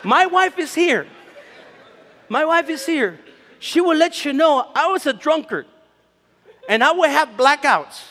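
A man in his fifties delivers a storytelling sermon in a very high voice. He is animated and joking, breaking into shouts now and then. A long hall reverb trails every line. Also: measured pace, pauses often. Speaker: conference speaker, Bible teacher. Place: large conference hall.

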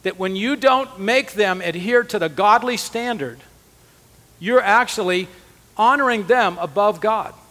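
Bright-voiced man preaching in a hall. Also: high-pitched, measured pace. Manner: conversational preaching, earnest. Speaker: conference speaker. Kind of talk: sermon teaching.

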